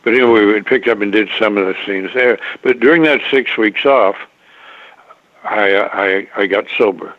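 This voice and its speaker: An older man, a guest in an interview, telling a long rambling story, halting and restarting often, with a chuckle now and then. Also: on the low side, dry recording. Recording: dry tinny phone line.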